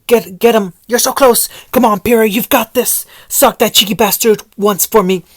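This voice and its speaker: A woman voicing a rowdy, excitable young man who shouts encouragement and cackles gleefully. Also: a little high, fairly quick, husky, no room sound, studio quality, pitched above the performer's own voice. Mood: excited cheering.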